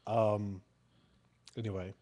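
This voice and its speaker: A man co-hosting a casual podcast, talking in a relaxed, rambling way with many fillers. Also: on the low side, takes it slowly. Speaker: podcast co-host. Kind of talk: casual chat.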